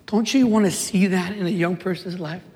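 Man preacher with a very high voice, impassioned and repetitive, sermon delivery with sudden shouts, long hall reverb. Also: steady tone, moderate pace, a little hiss or hum. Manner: impassioned, repeats phrases, swings from shouting to hushed.

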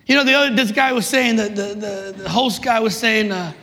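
A man, preaching passionately to young people, rising to emphatic shouts and dropping in joking asides. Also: high voice, brisk. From New York City, USA. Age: 30s. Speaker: youth minister. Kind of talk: preaching to a live audience. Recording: reverberant hall.

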